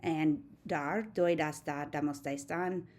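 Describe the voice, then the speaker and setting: A woman, a teacher giving a steady, methodical recorded grammar lesson and reciting verb forms one by one. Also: sits low, slow pace. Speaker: Spanish teacher.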